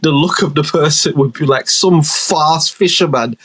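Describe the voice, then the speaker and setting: A young man co-hosting a podcast, chatting casually in animated, slang-heavy banter full of swearing. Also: on the high side, moderate pace, slightly rough. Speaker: podcast co-host. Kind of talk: casual chat.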